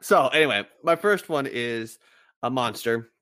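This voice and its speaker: Lively podcast man telling a monster tale. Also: mid-range voice, unhurried. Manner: chatty, retells facts with hesitant restarts. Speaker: podcast co-host. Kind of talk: casual podcast storytelling.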